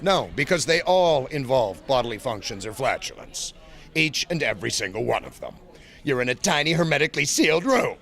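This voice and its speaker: A man with a hugely animated voice, swooping up and down as he talks. He is a convention guest and talks manically, jumping without warning into silly voices. It sounds like a live recording made at the convention. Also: medium pitch, brisk. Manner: manic, jumps into silly voices mid-sentence. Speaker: voice actor guest. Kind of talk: convention interview.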